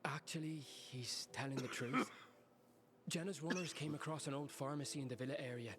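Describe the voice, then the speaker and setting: A man's voice: a little high, moderate pace, very noisy, close to an everyday voice. A man voicing an earnest, pleading brother. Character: anxious protective brother, pleading for help.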